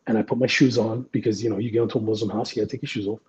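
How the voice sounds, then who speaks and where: A man's voice: lowish voice, steady tone, rapid-fire, a little mellow, highs cut off. A middle-aged man, a retired police detective, telling blunt, profane anecdotes in a casual interview.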